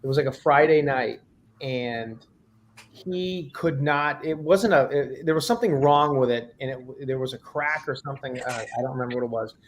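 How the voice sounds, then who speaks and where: A man's voice: mid-range voice, normal speed. A man casually remembering an old story with friends, unsure of some details and trailing off now and then. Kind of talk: casual reminiscing among friends.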